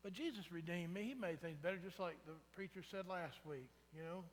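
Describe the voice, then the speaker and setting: In a reverberant church sanctuary, a pastor preaches in a conversational way, often checking in with the congregation by asking "right?" His voice is high and fairly quick, with a little hiss or hum on the recording.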